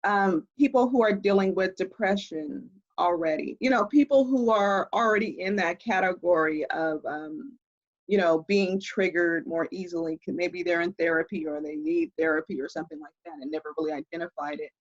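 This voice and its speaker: A woman speaking as an expert guest in a conversational interview, explaining in an animated way and laughing often, heard over a video call. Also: lowish voice, normal speed, lo-fi sound.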